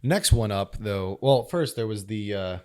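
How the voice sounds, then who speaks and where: Low-voiced man, casual opinionated podcast chat. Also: a little slow, a little mellow, clean tone. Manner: laughing, swearing, opinionated film talk. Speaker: podcast co-host.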